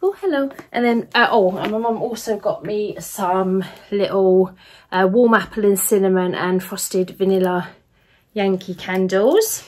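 A young vlogger with a mid-range, darkish voice chats casually in a gift haul video, speaking a little slowly. She gushes enthusiastically over her presents and fills her talk with fillers.

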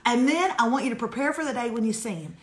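A woman co-hosting a casual live advice chat, talking in a sassy, emphatic, animated way. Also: on the high side, quick pace. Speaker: co-host giving advice. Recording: echoey room.

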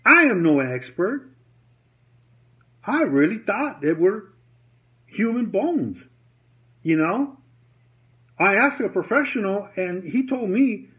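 In dull, lo-fi audio, a male vlogger with a high, fairly bright voice rants angrily to the camera about something personal. He swears, repeats himself, and recounts what other people said.

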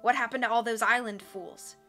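A woman voicing a dying villainous man with a wheezy, rough, hoarse voice, bitter and theatrical, over faint music. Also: a little high, fairly even intonation, brisk, sharp tone. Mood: snarling, bitter.

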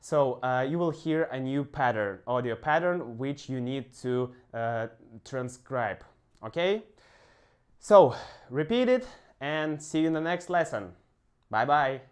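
A male language teacher talks through a pronunciation lesson at an unhurried, drawn-out pace. His English halts often on "uh" as he searches for words, in a mid-pitched voice. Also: expressive, smooth. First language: Russian. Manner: slow, halting explanations with frequent "uh" pauses.

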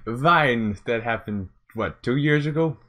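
A playful man hosts a casual reaction video, chatting slowly and laughing as he goes. His pitch jumps around a lot as he reacts. Now and then he drops into a silly voice. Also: expressive, bright, forceful tone. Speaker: YouTuber host.

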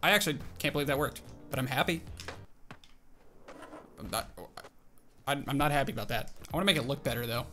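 A young man hosting a gaming video, his bright, forceful voice swinging widely up and down as he reacts to each move. He talks to himself and narrates his tricks in an excited, animated way. Faint music plays underneath. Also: mid-range voice, brisk, pauses often. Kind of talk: excited gameplay commentary.

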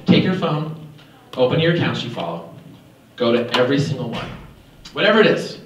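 A man giving a playful, animated motivational talk to high school students at an assembly. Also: fast, a little hiss or hum. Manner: playful, animated, talks straight to the audience. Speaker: motivational speaker. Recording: echoey hall, voice from far off.

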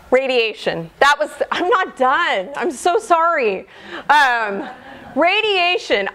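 A middle-aged woman biologist giving an informal public lecture, chatty and animated, acting out the dialogue she quotes. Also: high voice.

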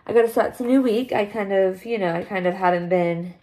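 A woman's voice: mid-range voice, brisk, dark tone. A young woman chatting casually to the camera for her vlog, bubbly and rambling. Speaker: vlogger.

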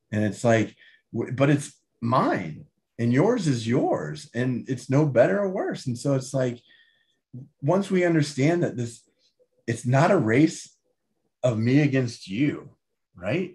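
A man talking as an interview guest and author, emphatic and animated, often tagging his points with "right?". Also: medium pitch. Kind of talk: casual interview talk.

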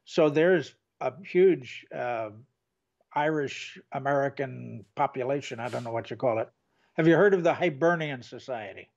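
A man's voice: mid-range voice, normal speed, vocal fry, darkish tone, highs cut off. An older man co-hosting a casual chat, rambling and trailing off mid-sentence. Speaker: co-host.

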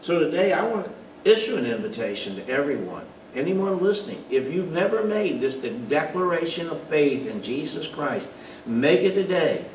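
A man's voice: fairly high pitch, very animated, moderate pace, recorded from a distance, a little hiss or hum. Man preaching in an echoey room. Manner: earnest preaching with rhetorical questions, some slips and asides. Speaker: pastor. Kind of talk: online Bible study sermon. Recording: roomy echo, voice off-mic, faint ambience.

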